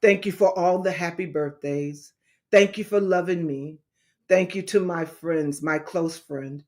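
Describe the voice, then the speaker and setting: Middle-aged woman evangelist, unhurried, repetitive preacher cadence, casual livestream chat. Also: fairly low pitch, darkish tone.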